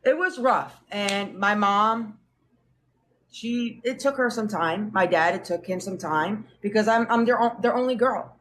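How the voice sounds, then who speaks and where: A young woman in casual chat, telling family stories with lively acted-out quotes. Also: medium pitch, a little slow, slight background noise. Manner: animated, acts out family quotes. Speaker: guest.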